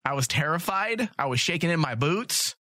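A man's voice: on the high side, expressive, moderate pace, sharp tone, dry recording, studio quality. A young man hosting a casual podcast, joking and self-mocking. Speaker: podcast host.

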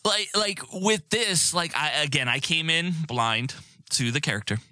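A man's voice: a little high, unhurried, bright, forceful tone, no echo, studio quality. A man hosting a podcast in casual chat, rambling with lots of "like" and some swearing. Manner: rambling, confused, swearing, with filler "like". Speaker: podcast host.

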